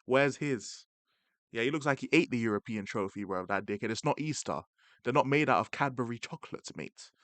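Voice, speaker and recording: A man's voice: mid-range voice, fairly quick, a bit bright, no echo. A young man, a streamer mocking football rivals in casual, slang-heavy banter. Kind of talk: casual livestream rant.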